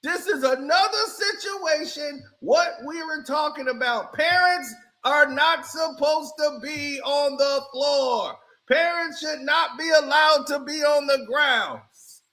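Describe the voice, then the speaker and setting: A man doing casual, animated reaction commentary on a basketball clip, mocking and shouting as he reacts. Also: very high voice, slow, hardly any pauses. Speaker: sports commentary streamer.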